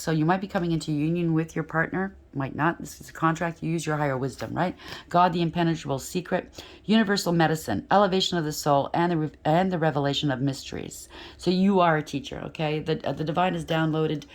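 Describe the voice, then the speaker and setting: A tarot reader giving a casual spoken reading, talking straight to the listener, checking in with "right?" and "okay?", and now and then tripping over words and starting again. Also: medium pitch. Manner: addresses the listener directly with frequent rhetorical checks; stumbles and restarts while talking.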